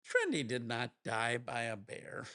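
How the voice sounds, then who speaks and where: A man hosting a casual livestream, with laid-back, rambling chat and quick laughs. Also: mid-range voice, huge pitch swings, sharp tone, smooth, no room sound, studio quality. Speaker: livestream host.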